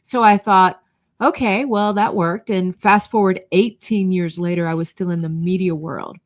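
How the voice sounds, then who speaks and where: A woman's voice: fairly low pitch, level tone, normal speed, dry recording. Woman, middle-aged, faint southern twang, chatty storyteller, dry close sound. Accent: faint Southern US, mostly neutralized. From North Georgia, USA. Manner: chatty storyteller, laughs easily. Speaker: guest, brand coach and podcast host. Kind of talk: conversational interview.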